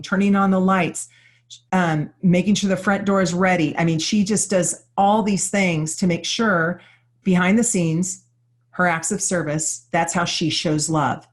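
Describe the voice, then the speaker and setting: A woman giving a live workshop talk to an audience, earnest and openly personal, explaining ideas with many everyday examples. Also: fairly low pitch. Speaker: workshop presenter.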